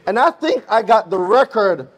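A middle-aged man with a Jamaican accent, speaking live on a conference stage with an energetic, preachy manner that calls out to the audience. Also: sits high, moderate pace. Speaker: guest speaker.

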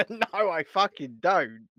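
A man's voice: sits high, big pitch swings, slow pace, bright, forceful tone. A man hosting a casual live stream chat, swearing and laughing as he banters with viewers and his co-host. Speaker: livestream host.

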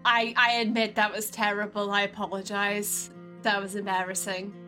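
A woman's voice: mid-range voice, little pitch movement, moderate pace, pushed and bright, faint music behind. A woman playing a tabletop game, sheepish and laughing as she talks. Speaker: player. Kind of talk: casual tabletop game chat.

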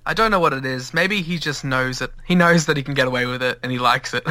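A man's voice: mid-range voice, quick pace, pushed and bright, dry recording. An Australian man co-hosting a podcast in casual chat, with a dry, wry way of talking. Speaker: podcast co-host.

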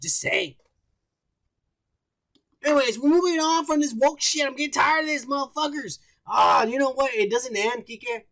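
A man's voice: very high voice, normal speed, a bit bright. A young man co-hosting a casual podcast, profane and mocking as he reads out news stories. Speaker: podcast co-host. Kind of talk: casual drunk banter.

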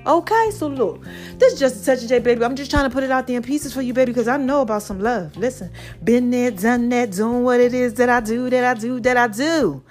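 High-voiced woman podcaster. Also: brisk, a little mellow, soft background music. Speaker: podcast host. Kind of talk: casual motivational monologue.

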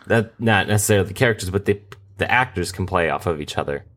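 A man co-hosting a casual podcast, speaking haltingly with frequent restarts. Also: low-pitched, lively intonation, a bit bright. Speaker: podcast co-host. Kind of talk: casual chat.

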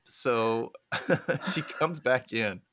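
In a clean studio recording with no room sound, a male guest with a mid-range voice talks very slowly. He shares family stories in relaxed conversation, laughing a lot and performing the voices of those he quotes.

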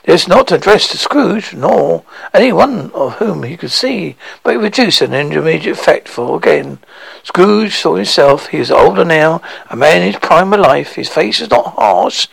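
A man reading a classic novel aloud, halting over words and restarting them. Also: on the high side, lively intonation, creaky, husky, dry recording, poor audio. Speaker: reader.

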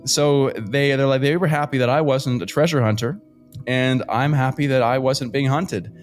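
A Canadian man recounts an adventure with lively energy, tossing in fillers and the odd curse. His voice sits mid-range, and soft music plays faintly behind him. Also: medium pitch, normal speed. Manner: lively, swears casually, frequent fillers. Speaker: guest adventurer. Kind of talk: animated storytelling.

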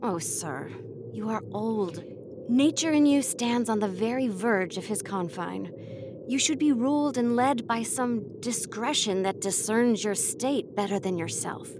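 A cold, scheming royal daughter , played by a woman, speaks with cool, measured condescension. Her voice sits a little high. A clear hiss runs beneath the recording. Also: lively intonation. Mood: condescending.

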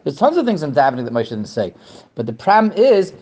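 Man teaching a class, fairly high voice, restarts and questions. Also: fast. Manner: animated, repeats words, asks questions. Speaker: Torah teacher. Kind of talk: lecture to a class.

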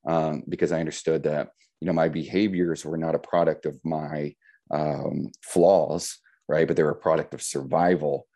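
A middle-aged man with a very low, deep voice talks in an easy podcast conversation. His tone is dark and mellow, and he explains his ideas reflectively, tagging his points with "right?". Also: level tone, normal speed. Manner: reflective, explains with metaphors, frequent "right?" tags.

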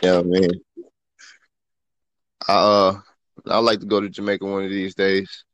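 A man's voice: low voice, flat delivery, a little slow, fairly bright tone, dull audio, slight background noise. A man chatting casually in a laid-back, slangy way, often asking "you know what I mean". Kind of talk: casual chat.

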